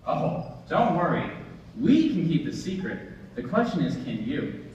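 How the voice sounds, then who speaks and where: A young man on a school stage playing a chatty court jester who talks haltingly and guesses aloud, recorded in an echoey hall. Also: fairly high pitch, big pitch swings, darkish tone, muffled recording. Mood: puzzled. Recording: echoey hall with audible noise, from far off.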